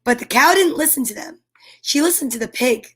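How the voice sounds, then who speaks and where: A woman's voice: high voice, animated, a little fast, slightly rough. A woman reading a children's picture book aloud in a playful way, with animal noises. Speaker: children's storyteller.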